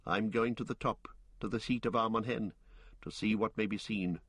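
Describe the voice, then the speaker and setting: A man's voice: lowish voice, fairly even intonation, moderate pace, a bit bright, slightly rough, no room sound. A man voicing a grave male ranger leader who speaks sternly and with command.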